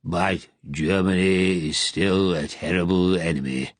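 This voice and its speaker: A man voicing a weary old resistance leader with a deep growling lisp, speaking slowly and gravely in an audiobook reading. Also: no room sound. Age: older. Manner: slow, grave and commanding. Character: aged gruff male wartime resistance leader, weary.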